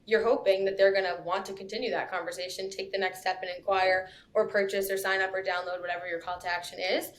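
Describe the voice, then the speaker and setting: A woman's voice: mid-range voice, level tone, fast, hardly any pauses, a little hiss or hum. A woman, talking casually as a podcast guest, chatty and laughing often. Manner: chatty, laughs often, lots of "you know" and "like". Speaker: copywriter guest.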